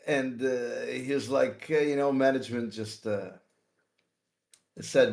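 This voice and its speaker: A man's voice: medium pitch, steady tone, unhurried, vocal fry, darkish tone. A man streaming and chatting casually, laughing often as he tells stories.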